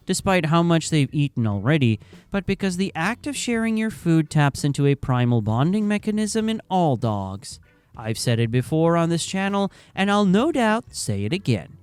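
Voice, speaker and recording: A man's voice: fairly high pitch, a little mellow, clean tone. A man giving scripted narration for a video channel, with wry, conversational asides.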